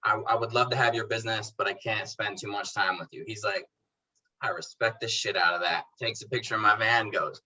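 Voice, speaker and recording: A man's voice: on the low side, brisk, poor audio. A man, a detailing business owner, chatting casually as a podcast guest and telling stories by acting out both sides of old conversations in a laid-back, slangy way. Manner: animated storyteller who acts out both sides of conversations; laid-back slang, calls people bro and dude. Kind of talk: casual interview chat.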